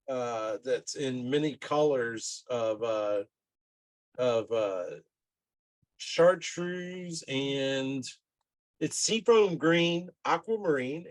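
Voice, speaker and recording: A man's voice: mid-range voice, no room sound, poor audio. A man speaking casually as a player in a tabletop game, hesitant and full of fillers.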